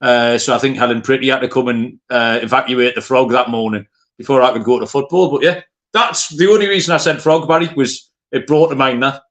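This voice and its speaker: A man's voice: medium pitch, a little fast, a bit bright. A man hosting a podcast in casual chat. He is jokey, laughs easily and rambles into asides. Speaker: podcast host.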